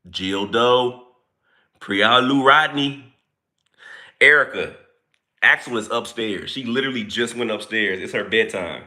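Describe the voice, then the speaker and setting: Man, livestream host, playful and chatty, very bright tone, animated pitch. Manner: playful, chatty, reads out viewer names. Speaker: livestream host greeting chat. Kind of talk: casual livestream chat.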